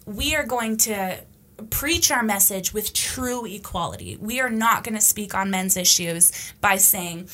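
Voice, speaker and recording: Bright, forceful woman podcaster. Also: mid-range voice, animated, moderate pace. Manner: emphatic and blunt, with profanity. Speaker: podcast host. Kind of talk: casual opinionated monologue.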